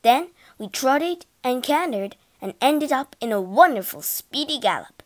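A woman narrates a children's storybook in an animated, dramatic way. Her voice is fairly high and moves a lot. She reads at an unhurried pace.

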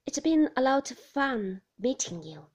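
Woman voicing a flirtatious man, teasing, loud, breathy, slow. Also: high voice, sing-song, pitched above the performer's own voice, exaggerated voice. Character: cheeky, flirtatious man in sports car.

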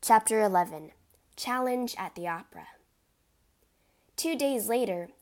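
A woman's voice: medium pitch, a little mellow. A woman reading a classic adventure story aloud as narrator, with a dramatic delivery.

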